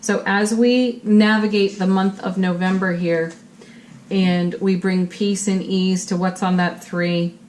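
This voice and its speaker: A woman's voice: medium pitch, little pitch movement, slow pace, a little mellow, slight background noise. A woman giving a monthly tarot reading to her viewers in an upbeat, encouraging way, full of spiritual phrasing. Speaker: tarot reader.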